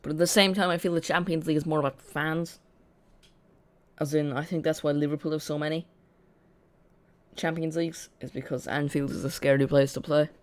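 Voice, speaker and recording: A host talks viewers through a live football match in a loose, unscripted flow, his steady voice at an ordinary middle pitch and a fairly quick pace broken by frequent pauses. Sentences often restart midway as he corrects himself. Between the match talk come dry, sarcastic asides.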